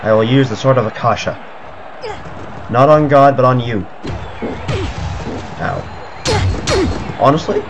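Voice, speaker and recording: A man giving excitable let's play commentary, breaking into panicky outbursts and cursing. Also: medium pitch, normal speed, long pauses. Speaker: gaming video creator. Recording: slightly muffled audio with game music. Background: video game music.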